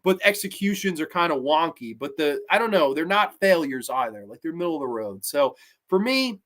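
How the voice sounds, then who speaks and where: A man's voice: on the high side, very animated, normal speed, a bit bright. A man hosting a casual review show, rambling and profane with lots of filler words. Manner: mimics characters in exaggerated voices. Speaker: host reviewing horror episodes.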